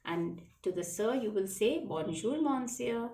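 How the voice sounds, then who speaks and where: A woman's voice: on the high side, lively intonation, unhurried, mellow. A woman teaching a children's French lesson, patiently repeating phrases and spelling words out letter by letter. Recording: echoey room, faint background noise.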